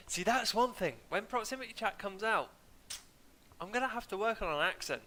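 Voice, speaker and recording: A young man rambles through a casual game stream in a droning, self-mocking way. His voice sits a touch high and sounds bright and forward, with a sniffle from hay fever. It is picked up on a desk mic at home. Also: animated, moderate pace. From England. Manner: rambling, chatty, self-deprecating. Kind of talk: casual gaming stream commentary. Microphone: desk mic, muted now and then.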